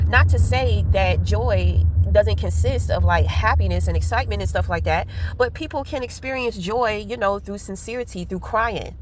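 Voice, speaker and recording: A woman's voice: a little high, brisk. A woman chatting casually while driving, telling a rambling, candid story full of profanity. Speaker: vlogger. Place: inside a car. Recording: car noise in background.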